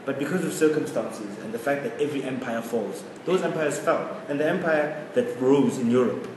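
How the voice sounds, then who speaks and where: Co-host in his twenties from South Africa, opinionated and animated, recorded from far off in an echoey room with background noise. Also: mid-range voice, normal speed. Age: 20s. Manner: opinionated, animated, laughs often. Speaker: podcast co-host. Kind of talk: casual chat.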